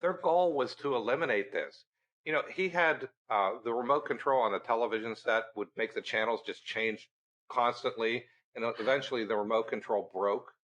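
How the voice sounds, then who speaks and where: A middle-aged man and guest on a podcast, telling a story in a lively way and acting out the dialogue. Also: mid-range voice, moderate pace, muffled recording. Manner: animated storyteller, acting out quoted dialogue with laughs. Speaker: research center director, guest.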